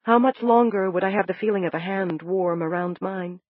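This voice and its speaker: A woman narrating a science fiction novel in the first person, in a soft, measured and emotional way. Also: medium pitch, no echo. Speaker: audiobook narrator. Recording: dull lo-fi dry recording.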